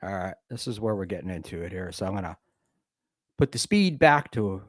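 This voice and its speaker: A man's voice: deep voice, expressive, a little fast, no echo, clean studio sound. A man chatting casually, throwing in sarcastic asides. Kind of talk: casual chat.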